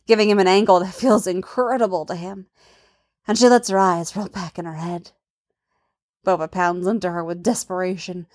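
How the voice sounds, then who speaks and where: A woman narrating a romance story in a soft, intimate, unhurried manner. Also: medium pitch.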